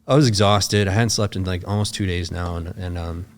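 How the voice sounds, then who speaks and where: A man's voice: low-pitched, steady tone, fairly quick. A man, a podcast guest, telling a long story in casual, loose speech full of filler words and swearing.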